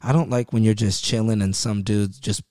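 A man's voice: fairly low pitch, steady tone, moderate pace, warm tone, no room sound. Casual storytelling man, dry close mic. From Ohio. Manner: loose storytelling with slang. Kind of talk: casual podcast chat.

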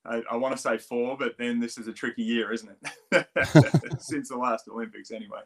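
A man's voice: medium pitch, fairly even intonation, fairly quick, a bit bright. A middle-aged man with a strong Australian accent, a swim coach chatting as a guest, rambling with many restarts. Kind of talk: casual interview chat.

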